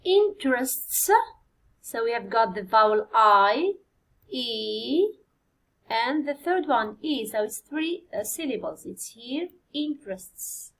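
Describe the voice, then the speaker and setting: During an exam review, a high-voiced Algerian English teacher mixes Arabic into her lesson, spelling and counting answers out slowly for the class. She sounds expressive and a bit bright, though the recording is rough.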